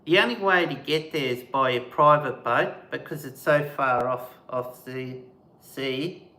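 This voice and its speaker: A man chats on a live stream in a relaxed, unhurried way. His voice is bright, and it leaps up and down as he acts out sounds. The room is echoey. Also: medium pitch. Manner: animated, mimics bird calls and sounds. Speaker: host of a camping channel, live stream. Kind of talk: casual storytelling on a live stream.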